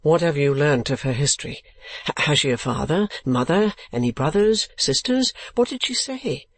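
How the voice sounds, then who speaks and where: A man's voice: a little high, lively intonation, normal speed, fairly bright tone. A man voicing an eager, passionate young man in love in an audiobook, talking with vehement, pressing questions. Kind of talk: audiobook character voice.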